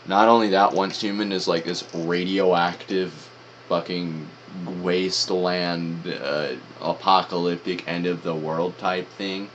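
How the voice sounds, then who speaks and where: A man's voice: low voice, steady tone, unhurried, a bit bright, lo-fi sound, a little hiss or hum. A man streaming, giving casual, slangy reaction commentary with some swearing.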